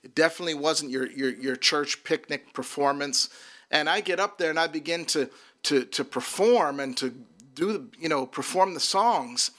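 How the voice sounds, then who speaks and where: Bright-voiced man telling his testimony. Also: a little high, moderate pace. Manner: earnest, repeats words as he restarts. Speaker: minister. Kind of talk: personal testimony storytelling.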